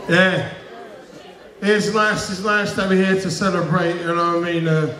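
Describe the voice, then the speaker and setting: London-accented male stand-up, high and loud, working a live crowd in a roomy hall, mic far off. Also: little pitch movement, normal speed. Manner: loud, shouty, laughing banter with the crowd. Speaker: stand-up comedian. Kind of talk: live stand-up at an awards show. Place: large event hall.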